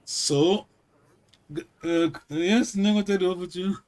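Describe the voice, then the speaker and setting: High-voiced man teaching with frequent check-ins. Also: darkish tone. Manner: halting, repeats words, keeps checking with "yes?". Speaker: language teacher.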